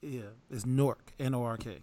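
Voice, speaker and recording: A man's voice: on the high side, expressive, normal speed. A man co-hosting a podcast in casual chat, laid-back and playfully teasing. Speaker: podcast co-host.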